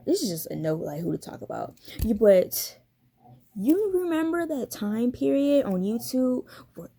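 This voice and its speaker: A woman's voice: mid-range voice, warm tone. Blunt, profane young woman ranting. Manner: blunt, profane, slangy ranting with frequent laughs. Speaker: YouTuber. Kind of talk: casual commentary vlog.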